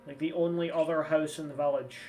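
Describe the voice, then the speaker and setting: A man in his twenties chats his way through a game stream, rambling and swearing casually. His voice sits a little high. The mic is a little distant and game music plays softly behind him. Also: steady tone, fairly quick. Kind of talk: casual gameplay commentary.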